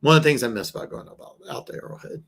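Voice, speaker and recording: A man's voice: fairly high pitch, very fast, vocal fry, a bit bright, a little hiss or hum. A man from the American South hosting a casual football talk show, rambling and restarting his sentences. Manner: rambling, frequent restarts and repeated words. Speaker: host.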